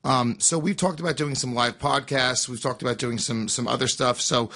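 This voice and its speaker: A man's voice: mid-range voice, steady tone, normal speed, bright, forceful tone. An American man co-hosting a podcast, a comedian who talks brashly, argues and swears freely. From United States. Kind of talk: casual podcast chat.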